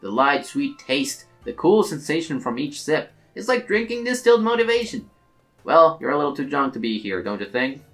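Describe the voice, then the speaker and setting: A prim bartender woman who scolds young customers and drifts into gossip, in a lively, mid-pitched voice a player uses while reading game dialogue. Faint music hums behind. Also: normal speed.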